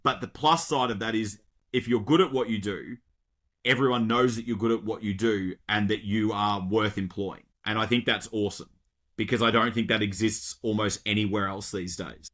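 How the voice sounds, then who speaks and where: Australian man, podcast guest on a video call, talkative and animated, casual. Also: on the low side, normal speed. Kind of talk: casual chat.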